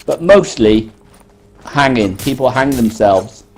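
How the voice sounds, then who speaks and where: Mellow-voiced British man telling a story. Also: medium pitch, lively intonation, slow pace, slight background noise, rough recording. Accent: British English. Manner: blunt storytelling. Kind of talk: casual chat.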